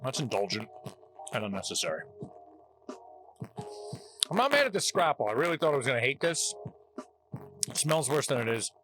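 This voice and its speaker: Lively, wry man hosting a tasting show. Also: medium pitch, moderate pace, long pauses, over music, poor audio. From New Jersey. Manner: chatty, wry, joking. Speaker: host. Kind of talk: casual food-tasting vlog.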